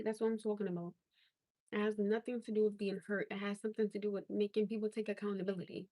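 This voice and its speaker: A woman's voice: medium pitch, warm tone, no echo. Blunt, exasperated woman ranting on a livestream. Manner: blunt, exasperated, emphatic with rising disbelief. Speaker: livestream host. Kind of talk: casual livestream rant.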